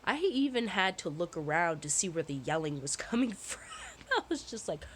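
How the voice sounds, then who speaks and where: A woman's voice: lowish voice, very animated, normal speed, a bit bright, slight background noise, poor audio. A woman vlogger telling a personal story in a casual, rambling way, swearing often and sounding shaken. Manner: profane, candid, rambling with restarts.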